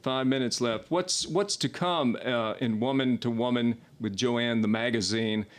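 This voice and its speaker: A man's voice: mid-range voice, a little slow. A man from Mississippi hosting a podcast, talking casually and frankly, giving opinions and asking direct questions on a studio mic. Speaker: podcast host. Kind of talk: casual interview talk.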